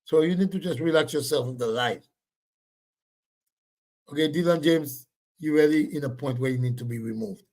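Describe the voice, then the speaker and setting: Brief: male livestream host, loud and blunt, voice sits a bit high. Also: moderate pace, pauses often. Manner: loud, blunt, repetitive scolding of commenters. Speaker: livestream host reading viewer comments. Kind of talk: casual livestream chat.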